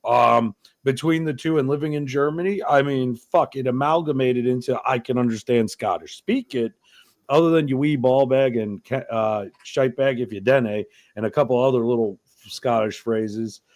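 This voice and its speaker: A man's voice: mid-range voice, moderate pace, a little mellow. A man from New York hosting a podcast, talking in a crude, rambling, profane way. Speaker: podcast host. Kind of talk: casual chat.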